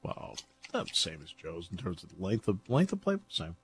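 A man's voice: low voice, huge pitch swings, moderate pace, slightly rough. A man talking football in casual chat, chatty and laughing often as he tells stories. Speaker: football analyst.

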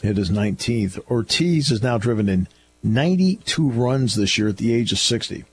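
A man's voice: medium pitch, lively intonation, normal speed, husky. A man hosting a talk radio show in a studio, delivering an opinionated, sarcastic and scolding monologue.

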